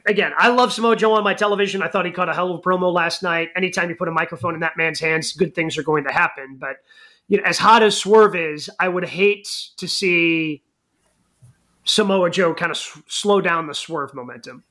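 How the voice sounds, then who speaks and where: Bright-voiced rambling podcast man. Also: sits high, brisk. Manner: rambling, many restarts. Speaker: podcast co-host. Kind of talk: casual chat.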